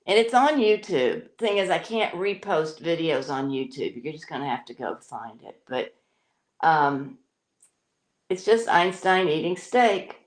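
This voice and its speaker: A woman's voice: low voice, expressive, a little slow. A middle-aged woman hosting a casual home stream, rambling and chatty with plenty of fillers and restarts. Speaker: parrot owner and show host. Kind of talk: casual live-stream chat. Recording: roomy echo.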